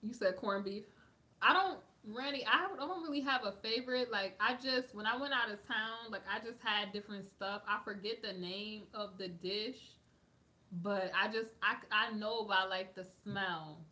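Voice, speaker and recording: A woman's voice: mid-range voice, moderate pace, pushed and bright. A woman hosting a livestream, chatting casually and answering viewers' comments, with lots of "like" fillers as she drifts between topics. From United States. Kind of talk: casual chat.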